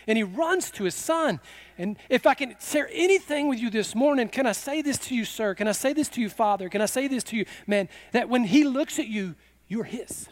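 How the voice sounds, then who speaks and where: A middle-aged man preaching a sermon with fervor, slipping into quick acted quotes. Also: extremely high pitch, lively intonation. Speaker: pastor.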